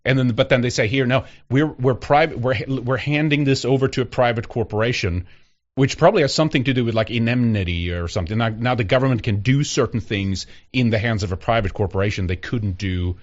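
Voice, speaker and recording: A man hosting a talk show, chatting loosely with many restarts and reading out supporter shout-outs. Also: mid-range voice, a little fast, highs cut off. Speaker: podcast host. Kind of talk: casual chat and live-show shout-outs.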